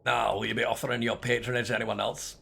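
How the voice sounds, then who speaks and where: Guy reading as a little creature shopkeeper, nostalgic but wants a fair price, kinda gravelly and bright. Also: medium pitch, level tone, quick pace, full character voice. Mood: wistful. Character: small nostalgic creature merchant, shrewd about prices. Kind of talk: reading game dialogue aloud.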